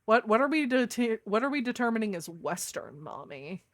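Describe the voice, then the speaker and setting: A woman's voice: on the high side, sing-song, moderate pace, fairly bright tone, no room sound, clean studio sound. An American woman streamer in casual chat with her viewers, on a streaming microphone. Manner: casual, chatty, talking to chat.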